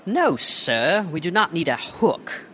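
A man's voice: a little high, big pitch swings, takes it slowly, a bit bright, a little hiss or hum, voice pushed up, full character voice. A man voicing a polite, formal male chimpanzee with a British accent, speaking in a courteous and precise way.

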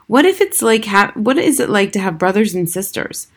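A woman's voice: medium pitch, big pitch swings. Woman reading a children's novel. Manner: measured storytelling. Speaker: audiobook reader. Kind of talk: scripted narration.

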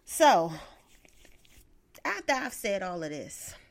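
Lively, sassy woman with a swooping voice. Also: medium pitch, takes it slowly, gravelly. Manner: profane, emphatic, sassy asides. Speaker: vlogger giving relationship advice. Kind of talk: casual advice monologue.

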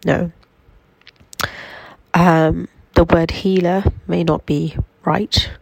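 A woman with a cold and a nasal voice, giving a slow, reflective spiritual self-help talk from her bed at home. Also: on the low side, level tone, creaky, husky, no room sound, low-quality recording. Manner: slow, reflective, gently affirming. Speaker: healing coach.

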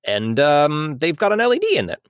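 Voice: mid-range voice, huge pitch swings, brisk, no room sound, clean studio sound. A podcast co-host chatting casually and joking, laughing often. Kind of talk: casual comedic chat.

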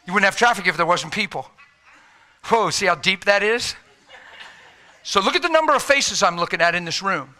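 A man delivers a storytelling sermon in a church room, his voice high and piercingly bright. He swings widely in pitch, acting out the voices in his stories and sometimes sinking to a hush. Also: unhurried, pauses often. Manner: animated, acts out dialogue, drops to near-whisper. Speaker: preacher.

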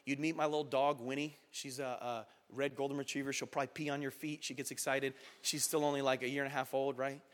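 A man in his thirties preaching a sermon as pastor, passionate and building to loud exhortation, acting out quoted voices. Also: mid-range voice, flat delivery, fast, hardly any pauses.

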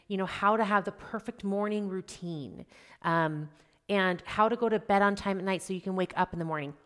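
Woman coach in her 30s talking to moms, chatty, keeps asking okay? right?, mid-pitched voice. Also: a bit bright. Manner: conversational, frequently checking in with "okay?" and "right?". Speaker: life coach. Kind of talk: coaching talk to mothers.

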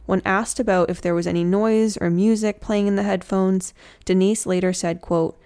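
A woman's voice: mid-range voice, steady tone, moderate pace, mellow. A woman telling a true crime story in a casual, chatty way, with slangy joking asides.

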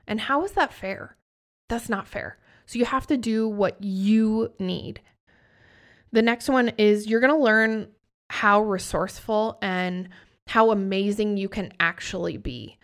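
A woman in her thirties, a host and coach, talking candidly and emphatically in a motivational chat, swearing freely. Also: medium pitch. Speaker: podcast host and business coach. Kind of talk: motivational casual talk.

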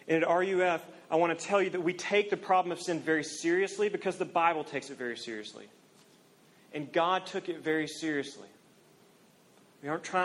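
A young man preaching a sermon to students, earnest, swinging from loud emphasis to near-quiet confession. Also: on the high side. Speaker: campus minister.

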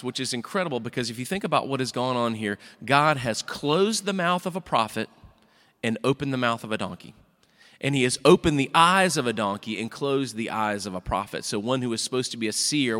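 A man preaching a sermon, retelling a Bible story with lively asides and quoted characters. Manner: animated storytelling, jumps into high voices for quoted characters. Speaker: pastor. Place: church sanctuary. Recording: church hall reverb.

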